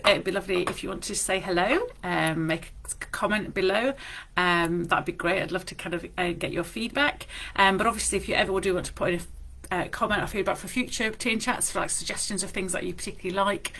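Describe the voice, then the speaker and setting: A woman librarian speaks in a library with a bright, forceful tone, chatting with many ums and then reading verse slowly. Her voice sits fairly low for a woman. She sounds casual and friendly between the poems. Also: slight background noise. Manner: chatty and warm with frequent fillers, slow deliberate verse reading. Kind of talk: casual chat and poetry reading.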